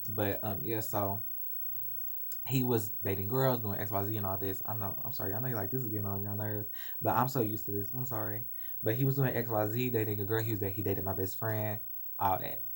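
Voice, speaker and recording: A man's voice: on the low side, steady tone, brisk, darkish tone. A young man telling a painful personal story to camera in an emotional, rambling and apologetic way. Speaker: vlogger.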